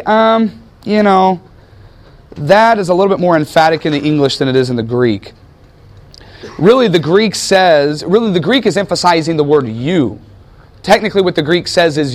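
A man gives a classroom lecture in a somewhat high voice. He tells events like a story, acts out quotes and tosses questions to the room. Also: moderate pace. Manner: animated storytelling with questions to students. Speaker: teacher.

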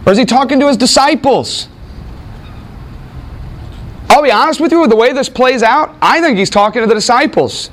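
High-voiced male Bible teacher lecturing. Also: expressive, normal speed, pauses often, a bit bright. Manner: conversational, asks rhetorical questions. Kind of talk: classroom lecture. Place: classroom with a class present.

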